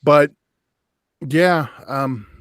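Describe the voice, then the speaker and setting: A man's voice: a little high, very slow, clear, resonant tone, no room sound, clean studio sound. A man hosting a podcast, hesitant but steering the segments in casual chat. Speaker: podcast host.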